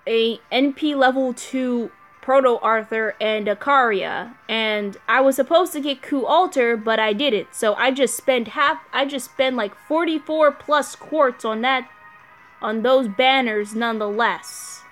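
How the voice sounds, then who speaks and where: Slow-talking woman rambling over gameplay. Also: fairly high pitch, a bit bright, faint music behind. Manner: rambling, restarts sentences often. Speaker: gaming channel host. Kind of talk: casual gameplay commentary.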